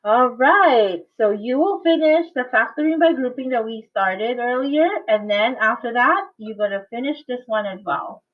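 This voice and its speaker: A woman's voice: on the high side, lively intonation, moderate pace, few pauses. A woman math teacher teaching an online class, coaxing and quizzing her students and laughing often. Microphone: video call. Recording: tinny phone-like audio.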